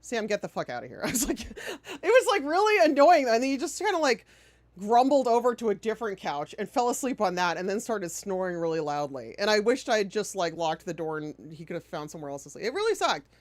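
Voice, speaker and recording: A woman's voice: mid-range voice, animated, a little fast, no echo. A woman streamer chatting casually while playing a game, sarcastic and prone to swearing. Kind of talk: casual chat while gaming.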